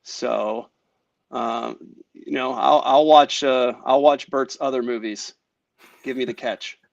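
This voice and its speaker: A man guesting on a sports talk show, his voice mid-pitched. He jokes and argues with a fan's passion. His voice comes through a dull, lo-fi remote line. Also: steady tone, slow pace, vocal fry, no echo. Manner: joking, passionate football fan banter.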